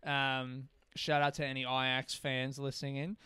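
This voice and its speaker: A man's voice: mid-range voice, monotone, normal speed, sharp tone, smooth, dry recording, studio quality. A young man, rambling through a casual solo podcast with plenty of swearing and self-deprecating asides. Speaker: podcast host.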